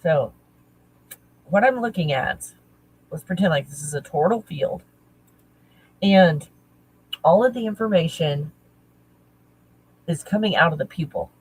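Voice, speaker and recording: A woman talking casually as a spiritual teacher, halting and searching, correcting herself often. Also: on the low side, animated, darkish tone, slightly rough, poor audio. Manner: halting, searching, self-correcting with nervous laughs. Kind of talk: casual channeling talk.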